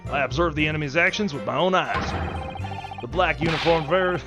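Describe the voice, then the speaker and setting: A man's voice: fairly high pitch, normal speed, close to an everyday voice. A man voicing a zealous male military witness with a barking, formal manner, over game music. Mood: indignant.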